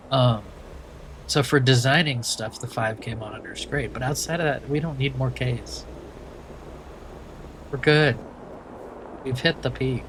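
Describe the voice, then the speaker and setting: A man's voice: medium pitch, noisy background. Rambling man with a light Maine accent. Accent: light Maine with a touch of Southern. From Maine, USA. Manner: rambling and chatty, many restarts. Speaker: streamer. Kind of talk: casual chat while playing a driving game.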